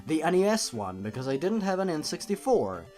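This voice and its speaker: A man narrating a horror story for laughs, reading deadpan and breaking off into sarcastic asides. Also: on the high side, a little fast, over music. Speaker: YouTube narrator.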